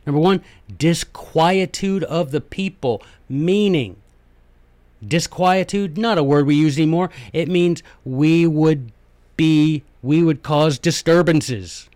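A man's voice: fairly high pitch, takes it slowly, a little mellow, no echo. Folksy Southern man lecturing, dry sound. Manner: chatty, digressive, emphatic asides. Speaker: host.

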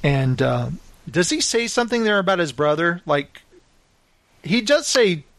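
A man with a slightly raised voice recounts a war film scene by scene in a relaxed podcast chat. He slips into the characters' lines as he goes, and the sound is close and dry with no room echo. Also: high-pitched, a little slow. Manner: animated retelling, acts out quoted lines. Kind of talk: casual film discussion.

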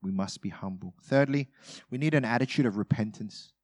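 On the low side and a little fast, a man's voice carries a pastor's sermon that is conversational and full of humor. He acts out short everyday scenes, going from loud bursts to quiet asides.

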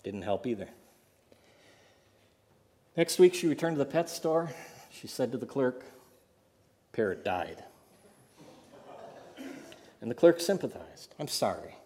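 A man preaches in an earnest, measured way. His voice sits at an ordinary male pitch, and it carries a long reverb from the church hall around him. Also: sing-song, dark tone. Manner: earnest preaching with a storytelling aside. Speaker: pastor. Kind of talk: sermon.

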